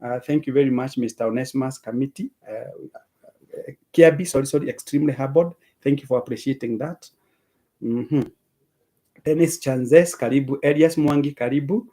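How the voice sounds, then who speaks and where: This livestream host, a man with a Kenyan accent, has a warm mid-range voice and talks at normal speed. He reads out viewer names and comments, thanking every one of them as he slips between Swahili and English.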